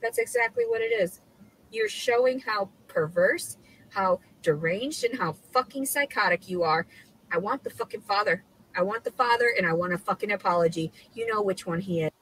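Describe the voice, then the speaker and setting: A woman's voice: mid-range voice, normal speed, a bit bright, a little hiss or hum, rough recording. A woman in a played social media clip, ranting angrily with profane, accusatory outbursts. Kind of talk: angry ranting monologue.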